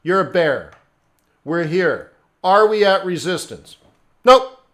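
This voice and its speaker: A man's voice: high-pitched, animated, slow pace, a bit bright. A middle-aged man hosting a live trading stream, talking bluntly and conversationally as he answers viewers by name. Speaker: forex trading livestream host.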